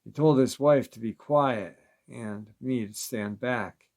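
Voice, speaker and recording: A man with a middle-pitched voice reads creature encounter stories aloud. His scripted narration stays steady and measured from line to line.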